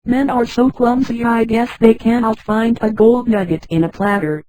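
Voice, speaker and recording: Sassy young woman, read by a synthetic female voice, fairly high, mellow tone, flat computer reading. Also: normal speed, no echo, lightly acted, rough recording. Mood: teasing. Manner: flat machine-read delivery. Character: sassy young woman, mocking clumsy men.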